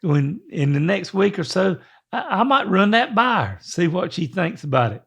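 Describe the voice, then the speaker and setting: Older man, high-pitched, gravelly, folksy rambling podcast chat. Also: very animated, fairly bright tone. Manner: rambling, folksy, halting restarts. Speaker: podcast co-host.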